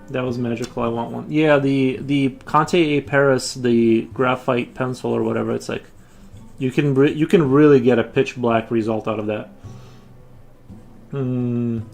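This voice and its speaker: A man's voice: medium pitch, vocal fry, darkish tone. Rambling man chatting on a stream. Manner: rambling, chatty, frequent restarts. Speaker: livestream artist. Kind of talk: casual livestream chat while drawing.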